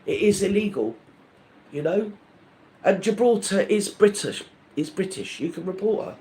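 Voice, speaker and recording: Man, live-stream host, rambling indignant rant, high voice, very lively pitch. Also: moderate pace. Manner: indignant, gossipy, rambling with many restarts.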